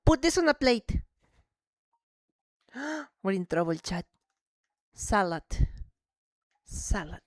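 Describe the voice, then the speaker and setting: A woman streaming live, chatting casually and excitably with viewers while playing, slipping between English and Spanish. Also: mid-range voice, slow, pauses often, no room sound, clean studio sound.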